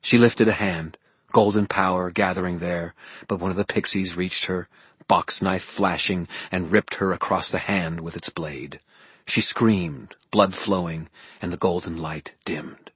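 A man narrating a fantasy audiobook in a steady, dramatic storytelling manner. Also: low-pitched, measured pace, slightly rough, no room sound.

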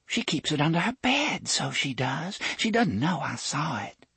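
A woman's voice: low-pitched, sing-song, unhurried, vocal fry, a bit bright, husky, no echo, pitched above the performer's own voice, full character voice. A man doing a dreamy, entranced young woman. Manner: dreamy sing-song lilt.

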